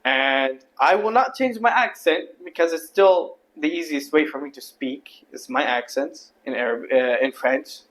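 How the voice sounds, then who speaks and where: A man's voice: fairly high pitch, unhurried, few pauses, a bit bright. A man from Palestine with an Arabic accent, a native Arabic speaker, talking straight to his viewers in a candid, rambling monologue. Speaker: vlogger. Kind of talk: casual monologue to camera.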